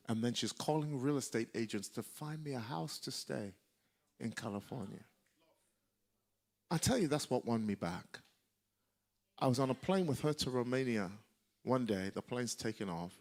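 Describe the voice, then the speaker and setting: A man preaching a sermon, telling a personal story in an animated way and breaking into shouted exhortations. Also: medium pitch, measured pace, creaky, long pauses. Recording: live church service.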